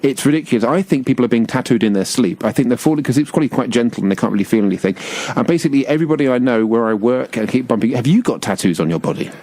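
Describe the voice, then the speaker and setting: A man's voice: medium pitch, very fast, hardly any pauses, dark tone, dry recording. A man, a guest on a local radio show, rambling playfully off on tangents in casual chat. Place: radio studio. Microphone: studio microphone.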